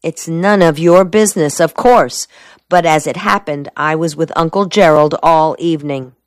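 A woman's voice: sits low, normal speed, no echo, studio quality, natural voice. A woman voicing a teasing, evasive young woman with a mocking manner. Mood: soft. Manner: playful, mocking. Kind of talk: audiobook dialogue reading.

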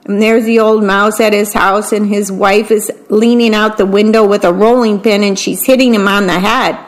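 A woman's voice: mid-range voice, fairly even intonation. A woman reading children's bedtime stories aloud for a volunteer reading-service radio program, describing the pictures as she goes. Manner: slow, gentle storybook reading, describing the pictures.

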